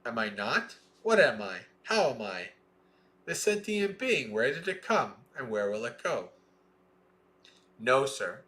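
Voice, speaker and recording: Man slowly reciting scripture. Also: mid-range voice, big pitch swings, bright, forceful tone. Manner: slow, measured recitation. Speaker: Dhamma reader. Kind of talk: scripture reading with commentary.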